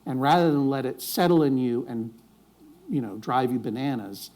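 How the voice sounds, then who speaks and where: A man's voice: mid-range voice, lively intonation, moderate pace, a little mellow. A man speaking on stage before a live audience, wry and rambling, often restarting his sentences. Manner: rambling, self-interrupting, wry jokes.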